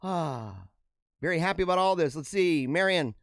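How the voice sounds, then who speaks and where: A man hosting a casual livestream show, reading out viewer comments and chatting back in an animated way on a radio-style mic. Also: normal speed, no room sound, clean studio sound. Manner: animated, talks with feeling, drops pitch low for asides. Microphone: radio-style studio mic.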